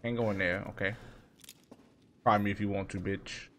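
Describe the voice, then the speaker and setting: A man's voice: lowish voice, fairly even intonation, normal speed, background noise. Profane joking gamer man. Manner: profane, joking, talks back to the game. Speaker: gaming streamer. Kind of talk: let's play commentary.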